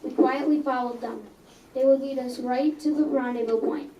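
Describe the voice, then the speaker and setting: A young girl reads her own story aloud in earnest, now and then stumbling and correcting herself. Her voice sits high and mellow. She is picked up from some distance in an echoey room with faint background ambience. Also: fairly even intonation, normal speed, highs cut off, slight background noise. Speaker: reader. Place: coffee house.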